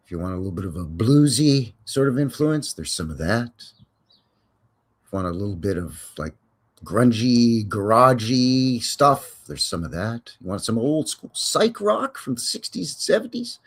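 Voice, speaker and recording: A man hosting a casual live stream, chatting in a folksy, rambling way with jokes and cowboy slang. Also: mid-range voice.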